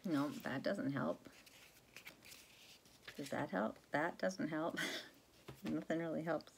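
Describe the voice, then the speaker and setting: A rambling, chatty woman talks casually to her viewers, full of ums and restarts. Her voice sits a little low for a woman. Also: slow, vocal fry, slight background noise. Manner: chatty, rambling, many fillers and self-corrections. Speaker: cross-stitch vlogger.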